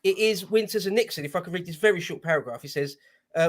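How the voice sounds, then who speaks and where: A man's voice: high-pitched, fast talker, a bit bright. A man in a casual panel discussion who speaks eagerly and reads short quotes from books. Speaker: panel guest.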